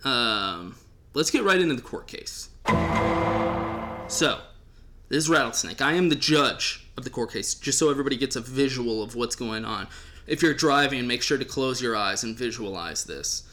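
A man's voice: medium pitch, animated, normal speed, bright, forceful tone, a little hiss or hum. A man hosting a podcast, chatting casually in a joking, rambling way with the odd swear. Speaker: podcast host.

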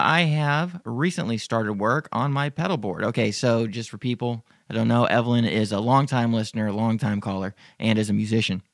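A man's voice: medium pitch, creaky, no echo, clean studio sound. A man hosting a podcast, answering listener emails in a rambling, profane, joking way. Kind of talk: casual Q&A chat.

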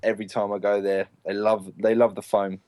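Laid-back low-voiced man, dry sound. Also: little pitch movement, a little fast, mellow, clean tone, dry recording. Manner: easygoing, laughs along, short replies. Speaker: podcast guest, paintball player. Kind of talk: casual chat.

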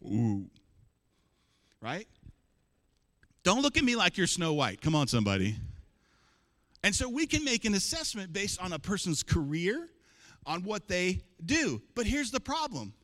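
A man's voice: sits high, sing-song, moderate pace, pauses often, fairly bright tone. A man preaching a sermon as pastor, emphatic and calling on the congregation to answer back. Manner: emphatic, calls for congregation responses. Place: church hall. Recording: long hall reverb.

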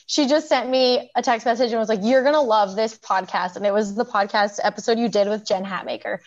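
Speaking briskly with a steady tone, this fairly high-pitched woman recounts her experience as a program graduate. She's in her thirties, laughs often and leans on plenty of fillers. The audio quality is lo-fi.

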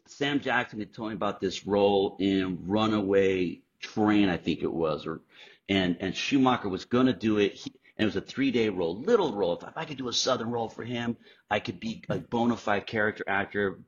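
A middle-aged man with a low, husky voice tells his stories with animated energy and plenty of swearing. The audio is slightly dull and lo-fi, like a home podcast recording. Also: normal speed. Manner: animated, profane storyteller acting out quotes. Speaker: guest actor. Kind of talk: casual interview storytelling.

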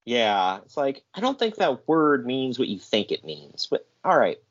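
A man's voice: mid-range voice, wildly swooping pitch, a little slow. A man co-hosting a podcast, recapping in a casual, sarcastic way and laughing often. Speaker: podcast co-host. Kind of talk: casual wrestling recap commentary. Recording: dull lo-fi podcast audio.

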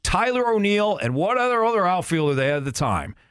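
A man's voice: high voice, very animated, quick pace, a bit bright, clear, resonant tone, no echo, clean studio sound. A man hosting a sports talk show, arguing his points emphatically and repeating them for stress. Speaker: sports radio host.

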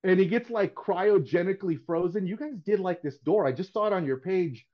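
A man's voice: sits high, fairly quick, dull audio. A middle-aged man talking in a casual podcast chat as a guest, earnest and rambling, often restarting his sentences. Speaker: painting contractor guest.

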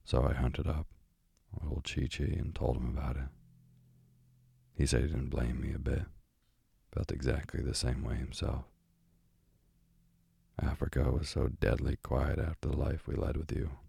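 A man voicing a chatty, gossipy old female parrot in a storybook reading, in a deep, gravelly, husky voice. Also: little pitch movement, unhurried, long pauses, mellow, dry recording, studio quality, exaggerated voice.

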